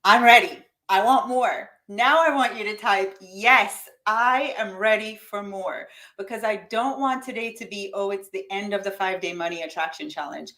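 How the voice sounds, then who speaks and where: Her mid-range voice sounds pushed and bright as a high-energy woman delivers motivational money-mindset coaching live online, moving at a moderate pace with few pauses. She speaks emphatically straight to her viewers as though each one were present, now and then reading their typed comments back.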